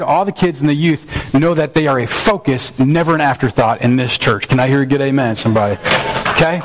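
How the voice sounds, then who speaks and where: A man's voice: a little high, low-quality recording. A man preaching a sermon as a pastor, telling a family story in an earnest, conversational way with frequent restarts. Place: church sanctuary.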